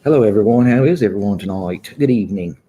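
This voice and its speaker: A man's voice: lowish voice, lively intonation, fast talker, warm tone, a little hiss or hum. A man hosting a casual livestream, chatting loosely and greeting viewers one by one from an indoor room. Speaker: livestream host. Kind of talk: casual live chat with viewers.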